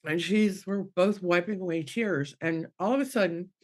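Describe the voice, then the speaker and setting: A medium in middle age tells an emotional personal story on a panel podcast, her voice fairly low and her pace moderate. She restarts sentences, acts out the voices she quotes, and laughs while crying.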